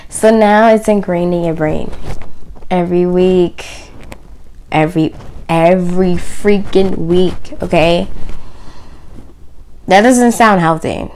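A woman's voice: fairly low pitch, slow, long pauses, darkish tone, a little hiss or hum. A woman talking openly to camera about her faith, with emphatic phrasing that keeps dropping to a near whisper. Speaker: video host. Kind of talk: personal faith talk to camera.

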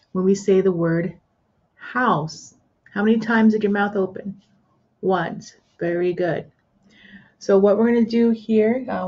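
Woman teaching syllables, husky and muffled. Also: medium pitch, mellow. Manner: addresses an imagined class, pauses for answers, many fillers. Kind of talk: classroom-style pronunciation lesson. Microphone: screen recorder with built-in microphone. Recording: dull lo-fi screen recording.

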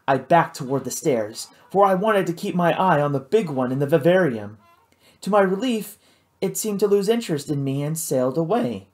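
An audiobook reader narrating a novel in the first person, measured and expressive. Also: mid-range voice.

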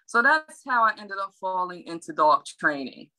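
A woman's voice: lowish voice, big pitch swings, moderate pace, pushed and bright, poor audio. A woman who trains and grooms dogs, telling her story in a friendly, chatty interview. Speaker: dog trainer and groomer, guest. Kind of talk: casual interview chat.

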